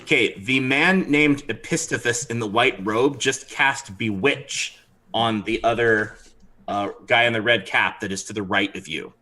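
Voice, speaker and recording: A man narrating as dungeon master of a tabletop game, animated and throwing in character voices. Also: mid-range voice, unhurried, rough recording.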